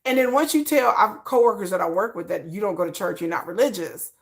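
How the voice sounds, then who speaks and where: Frank and personal in an interview, this middle-aged woman from Michigan, with a faint Texan flavor, keeps restarting and repeating her words. She talks quickly in a mid-range, creaky voice.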